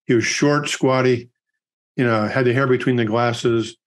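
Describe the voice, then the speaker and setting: A middle-aged podcast co-host with a mid-range, steady voice talks at normal speed in casual chat. He tells long, rambling anecdotes packed with fillers.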